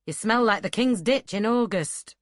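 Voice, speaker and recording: A woman's voice: fairly high pitch, moderate pace, no room sound, studio quality, voice pushed up, natural voice. A woman voicing a testy, teasing young male scholar in an audiobook.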